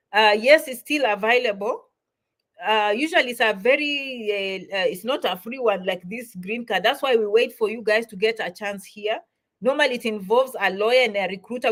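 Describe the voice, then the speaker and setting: A woman in middle age answers viewer comments on a livestream. Her voice sits a little high, and she talks in an emphatic, encouraging way, repeating words for weight. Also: a bit bright. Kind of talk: livestream Q&A chat.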